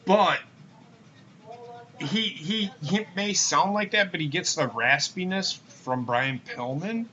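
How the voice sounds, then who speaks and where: A man's voice: high-pitched, slow pace, sharp tone. A man co-hosting a casual wrestling rewatch podcast, laid-back and profane, laughing often. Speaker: podcast co-host. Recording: dull lo-fi podcast audio.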